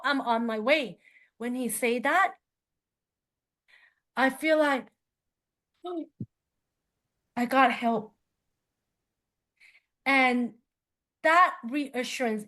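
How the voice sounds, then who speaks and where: A woman with a high voice shares a personal story in a workshop. She is animated and acts out each line of dialogue. She talks in plain, simple English and laughs often. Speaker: qigong teacher.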